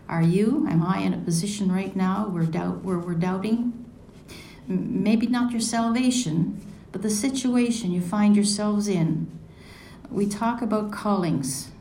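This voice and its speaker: A woman's voice: mid-range voice, mellow, slight background noise. A woman giving a personal devotional talk, reflective and asking many questions as she reads scripture and tells a story. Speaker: devotional speaker. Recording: echoey room, mic at a distance.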